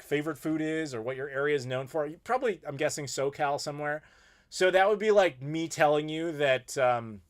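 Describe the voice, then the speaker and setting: A middle-aged American man with a slightly raised pitch hosts a casual live Q&A. He rants in a playful, opinionated way and reads out viewer messages. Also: fairly bright tone. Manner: opinionated, playful ranting with laughs. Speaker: YouTube host.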